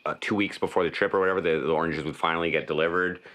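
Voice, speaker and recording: A man's voice: sits low, steady tone, racing, a bit bright. A Canadian man chatting as a guest on a live stream, rambling with many fillers and casual swearing.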